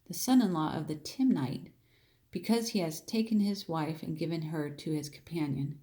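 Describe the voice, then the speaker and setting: A woman teaches a Bible story in a loose, chatty way at a moderate pace, rereading verses and thinking aloud with restarts and repeated phrases as she explains. Her fairly low voice sounds mellow and relaxed, and she punches out the figures' quoted lines with sudden, raised, emphatic lifts.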